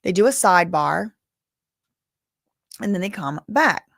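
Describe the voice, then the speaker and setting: A woman's voice: on the low side, animated, unhurried, vocal fry, fairly bright tone, no room sound, studio quality. A woman giving casual live-stream commentary, reading news updates aloud with chatty asides, sounding tired. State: tired, yawning.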